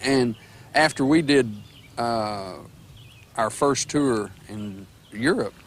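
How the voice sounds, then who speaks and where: A man, a former bandmate, recalling in a plain-spoken, unhurried manner. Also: mid-range voice. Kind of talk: archival interview recollection.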